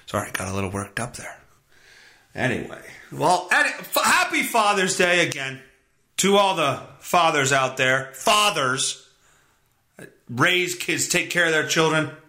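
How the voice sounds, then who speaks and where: A man's voice: a little high, very animated, a little slow, sharp tone. A man hosting a solo podcast, ranting in a worked-up way and swearing often. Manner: profane, worked-up rant. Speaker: podcast host.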